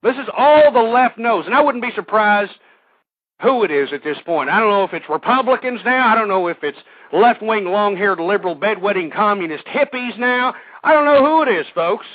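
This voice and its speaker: A man's voice: high-pitched, animated, moderate pace, no room sound. A man hosting a call-in radio show, ranting in a combative, crude and repetitive way. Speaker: radio talk show host. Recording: tinny phone-like dry audio.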